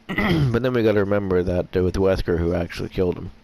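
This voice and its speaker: A man giving rambling, hesitant commentary on a game he plays, often clearing his throat as his voice gets rough. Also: low-pitched, expressive, brisk, darkish tone. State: voice getting rough. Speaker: gameplay commentator. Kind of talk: casual let's-play commentary.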